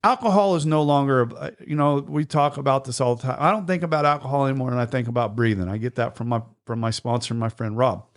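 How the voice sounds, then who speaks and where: A man's voice: mid-range voice, fast, hardly any pauses. Blunt, profane man telling a story. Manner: gets emotional. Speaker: podcast host in recovery. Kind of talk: casual chat.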